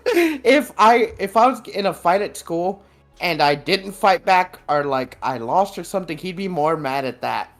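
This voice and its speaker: A man's voice: high voice, lively intonation, unhurried. A man co-hosting a podcast in loose, casual chat, swearing and laughing as he talks about his father. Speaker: podcast co-host.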